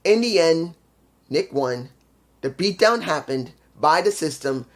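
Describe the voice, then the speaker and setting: A man's voice: on the high side, animated, a little slow. A man talking through a wrestling show in a loose, casual review. He grows frustrated and ranty, swearing heavily as he vents his complaints. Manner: frustrated ranting, heavy swearing.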